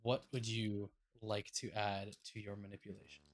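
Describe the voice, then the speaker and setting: A man's voice: fairly low pitch, flat delivery, moderate pace. A man running a tabletop game, narrating loosely with lots of fillers and casual swearing. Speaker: game master.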